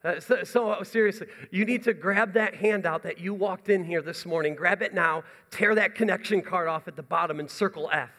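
A young man speaks as a pastor from the front of a church, running through announcements with eager, rambling energy. His voice sits high for a man, and it carries a long reverb from the large hall. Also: fairly quick, hardly any pauses, bright, forceful tone. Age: young adult. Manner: enthusiastic, chatty and rambling with restarts. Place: church sanctuary.

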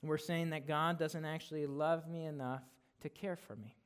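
A man preaching a sermon in a casual, conversational way, shifting into loud, emphatic declarations when he reads scripture. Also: a little high, steady tone, normal speed, smooth. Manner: casual, conversational preaching with frequent "right?" and "guys". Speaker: guest preacher.

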